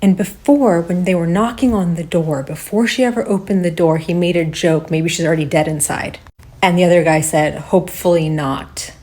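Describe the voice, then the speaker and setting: A woman's voice: on the low side, brisk, a little mellow. A woman giving a casual, heated recap of a video, swearing often and acting out what people said.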